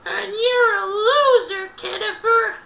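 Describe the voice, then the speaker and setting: A man squeaking as a taunting boy bully. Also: fairly even intonation, creaky, bright, forceful tone, heavily acted. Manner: mocking, drawn-out taunts. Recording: roomy echo, distant mic.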